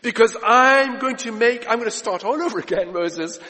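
A man preaching who voices an angry, commanding male God in a loud, declaiming tone. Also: very high-pitched, normal speed, voice pushed up. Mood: stern. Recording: reverberant hall.

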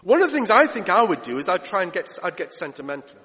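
A man preaching a sermon, emphatic, moving between loud urgent lines and hushed ones. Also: sits high, very animated, fast talker. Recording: reverberant hall.

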